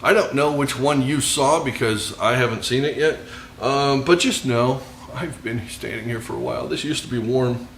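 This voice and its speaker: A man's voice: mid-range voice, normal speed, vocal fry, fairly bright tone, slight background noise. Joking American man in an echoey kitchen. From United States. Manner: joking, rambling, self-mocking asides. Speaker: cooking show host. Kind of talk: casual cooking demonstration.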